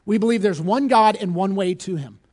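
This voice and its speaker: A man preaching a sermon as pastor, earnest and direct, rising to emphatic peaks and dropping low. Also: fairly quick, a little mellow.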